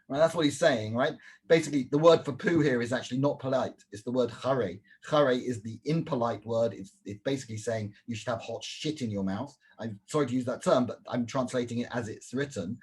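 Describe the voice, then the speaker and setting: Animated man teaching a text. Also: medium pitch, a little fast. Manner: animated, repeats himself and checks in with "right?". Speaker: Talmud teacher. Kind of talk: explaining a Talmud page.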